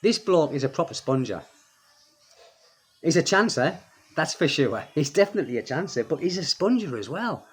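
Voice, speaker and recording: Lively English man telling a story. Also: fairly high pitch, normal speed, husky. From England. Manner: animated retelling, repeats phrases for emphasis. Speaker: expat vlogger. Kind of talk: casual storytelling.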